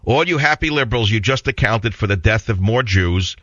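A man's voice: fairly low pitch, lively intonation, fairly quick, a bit bright, dry recording, highs cut off. A man with a New York accent hosting a talk radio show, combative and sarcastic in a rambling monologue.

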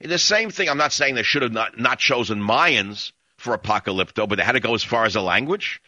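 A man's voice: medium pitch, animated, fairly quick, pushed and bright, no room sound. A man hosting a call-in radio show in a studio, rambling and sardonic with strong opinions. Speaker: radio talk show host. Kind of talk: talk radio monologue and call-in. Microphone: studio microphone.

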